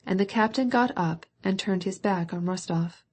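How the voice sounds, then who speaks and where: A woman narrating a classic novel as an audiobook in a measured, even way. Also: medium pitch.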